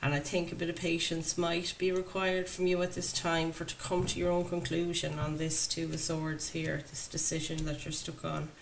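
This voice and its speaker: A woman's voice: low voice, level tone, normal speed, gravelly, hardly any pauses, rough recording. Chatty woman reading tarot. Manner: enthusiastic, chatty, laughs often. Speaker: tarot reader. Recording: faint background noise.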